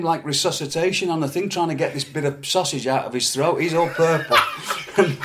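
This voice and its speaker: A middle-aged man from England, a former wrestler, telling animated anecdotes in a casual chat with frequent laughs and repeated words. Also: fairly high pitch, background noise.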